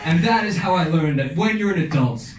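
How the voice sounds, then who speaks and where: A young man tells a story on stage with punchy, dramatic timing and a lively, somewhat high voice. The sound is roomy and echoing, picked up from a little distance, with a faint noise underneath. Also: a little fast. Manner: animated, punchy, dramatic delivery. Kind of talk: live storytelling performance. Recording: echoey room, voice off-mic, faint noise.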